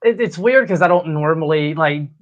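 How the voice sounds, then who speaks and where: Joking male co-host, higher voice, muffled lo-fi audio. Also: normal speed. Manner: joking, laughing interjections. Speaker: podcast co-host. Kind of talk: casual podcast chat. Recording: dull lo-fi remote audio.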